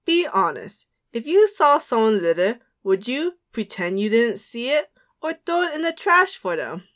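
A woman co-hosting a podcast, reading out quiz questions in a quick, teasing way and laughing often. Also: on the high side, big pitch swings, a bit bright. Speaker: podcast co-host running a quiz. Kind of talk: casual podcast chat.

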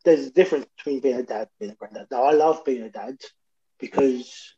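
A man's voice: mid-range voice, a little fast, warm tone, dull audio. A man chatting and teasing in a casual podcast. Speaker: podcast co-host. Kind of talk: casual chat.

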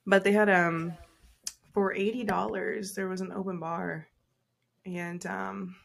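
A woman's voice: medium pitch, steady tone, a little slow, gravelly. A young woman in her twenties from Dallas, hosting a podcast and telling a story in casual chat, full of ums and laughs. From Dallas, Texas. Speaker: podcast host.

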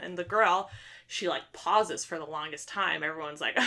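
Bright-voiced young woman retelling a story. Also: lowish voice, a little slow. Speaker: book reviewer. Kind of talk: casual chat.

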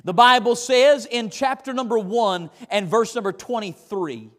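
Animated preacher in a reverberant hall. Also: male voice, high-pitched, unhurried, few pauses. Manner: animated preaching, folksy and emphatic. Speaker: pastor. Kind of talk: sermon. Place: church sanctuary.

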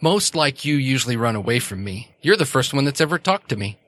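A man voicing a little girl who hosts an ancient female spirit, talking in a calm, childlike, matter-of-fact way. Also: mid-range voice, a little fast, dry recording. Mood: plain, candid.

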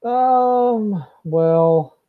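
Podcast guest dude, lots of ums, hums bits of tunes, dry muffled lo-fi mic. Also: male voice, high-pitched, lively intonation, extremely slow, clear, resonant tone, no room sound. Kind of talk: casual podcast interview.

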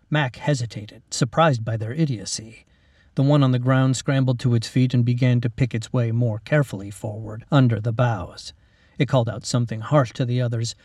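A man, the author, narrating his own story in a steady, dramatic reading. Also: mid-range voice, no room sound, clean studio sound, distant mic. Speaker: author and reader. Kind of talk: scripted narration.

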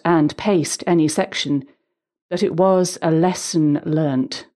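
Measured, articulate middle-aged woman narrator. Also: on the low side. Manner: measured, articulate, gently humorous. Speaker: volunteer audiobook narrator. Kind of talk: reading a prepared personal account.

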